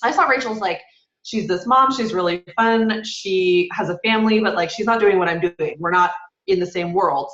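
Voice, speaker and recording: A woman's voice: medium pitch, moderate pace, fairly bright tone. A woman on a panel telling her side of a story in a casual, candid way. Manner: casual, candid, with many fillers. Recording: echoey, dull room recording.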